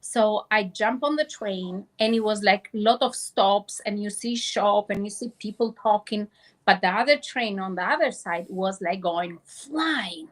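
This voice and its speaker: A woman telling a long dream story over a phone call, halting and restarting often. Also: medium pitch. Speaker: guest.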